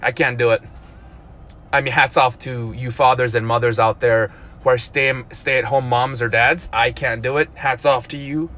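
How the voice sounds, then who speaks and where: A man in his thirties talking casually on a live stream, animated and full of "dude" and "like", with loud outbursts and mumbled asides. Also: mid-range voice, normal speed. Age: 30s. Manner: lots of "like" and "dude", repeats himself. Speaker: vlogger.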